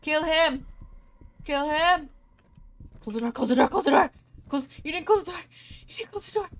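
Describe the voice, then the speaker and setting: A woman streaming a ghost-hunting game with a friend, excitable and swearing, shrieking when startled. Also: high-pitched, moderate pace. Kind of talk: casual gaming chat.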